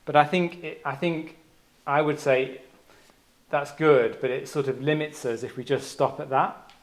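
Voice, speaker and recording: A man's voice: a little high, steady tone, unhurried. A man giving a personal Dharma talk on retreat. He speaks as a doctor, in an earnest, searching way, thinking aloud as he goes.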